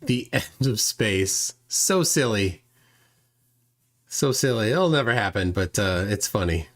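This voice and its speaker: A male live stream host talks slowly, his pitch swinging widely. He sounds exasperated and mocks what he hears. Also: animated. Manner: exasperated, laughs at clips. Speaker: channel host.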